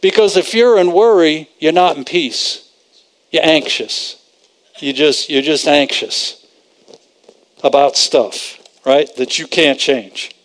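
A man's voice: a little high, slow. A man preaching a conversational sermon, repeating phrases for emphasis and quoting scripture.

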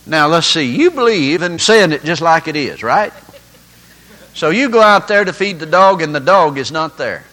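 Lively, bright-voiced preacher man. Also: a little high, moderate pace, rough recording. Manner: folksy storytelling with acted-out voices. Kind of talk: sermon.

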